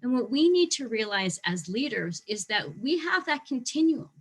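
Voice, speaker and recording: A woman teaching a short online lesson on facility management, talking lively and acting out how staff react to change. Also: on the high side, normal speed, slightly rough. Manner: lively, acts out staff reactions in quoted voices.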